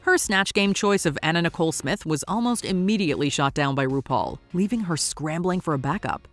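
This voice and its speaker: A narrator reads a scripted countdown with a wry, teasing edge. The voice moves lively up and down in pitch at a middle level. Faint music plays underneath. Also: fairly quick.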